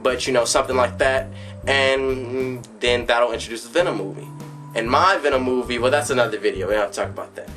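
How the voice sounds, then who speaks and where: A man with a mid-range voice talking casually and excitedly, rambling through his ideas with lots of fillers and restarts. He jumps into bits of dialogue as he goes, his pitch shooting up when he gets worked up. Faint guitar music sits underneath. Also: fairly quick. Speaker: fan vlogger. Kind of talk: casual fan commentary.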